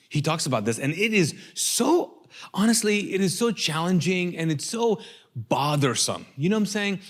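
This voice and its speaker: A middle-aged male pastor preaching a lively sermon, asking the congregation to call out answers. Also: on the high side. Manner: lively, rhetorical, drawing call-and-response from the congregation.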